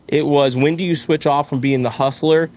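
Being interviewed casually, a man in his thirties who owns a business talks in a fairly high voice at a fairly quick clip. He's candid and animated, imitating the voices of the people he quotes.

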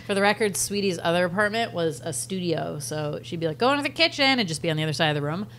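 Woman, lowish voice, podcast co-host, rambling casual recap, lots of fillers. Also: steady tone, quick pace, a little hiss or hum. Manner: rambling, filler-heavy storytelling.

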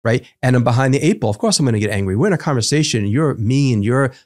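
A man's voice: mid-range voice, animated, fast, a little mellow. A man who is a psychotherapist, talking in a podcast interview and explaining ideas through everyday examples and rhetorical questions. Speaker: psychotherapist guest.

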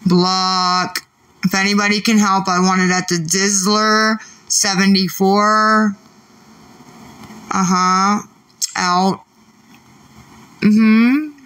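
Woman, livestreamer, irritated, profane, slow, tense bright tone. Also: mid-range voice, fairly even intonation, distant mic. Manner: irritated, swearing, arguing back at chat. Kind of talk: late-night livestream talk with chat.

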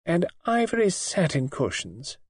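A man's voice: on the high side, wildly swooping pitch, measured pace, slightly rough, no room sound, voice pushed up, heavily acted. A man voicing a sulky, spoiled young wife. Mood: petulant, dreamy. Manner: coaxing, sulky, lightly raised voice.

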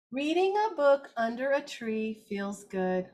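An older woman, a circle time teacher, reads picture books to little children with gentle, animated expression. Her high, lively voice roams across a wide melodic range as she reads slowly and deliberately, with slight background noise.

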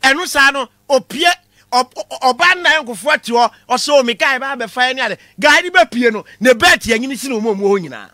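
A man with a Ghanaian accent giving a comic lecture in a lively way, shouting out his punchlines. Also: very high-pitched, fairly quick, dry recording, studio quality. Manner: animated, shouting punchlines, mixing Twi with English. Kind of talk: comedy class monologue.

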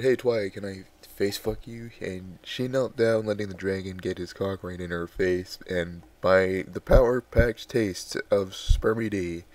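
Young male reader, very low voice, deadpan and exasperated asides. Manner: wry, exasperated asides between readings. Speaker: host reading fan fiction aloud. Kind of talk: casual dramatic reading.

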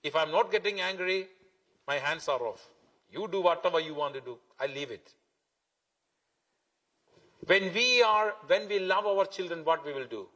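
A man's voice: high-pitched, lively intonation, normal speed, pauses often, bright, forceful tone. A man preaching a sermon as pastor, emphatic and repetitive, stretching key words. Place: church hall. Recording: long hall reverb.

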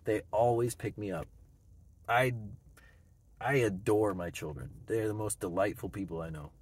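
A man's voice: fairly low pitch, moderate pace, husky. A man in his thirties, a vlogger giving himself a reflective, reassuring pep talk, chuckling often. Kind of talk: personal self-pep talk.

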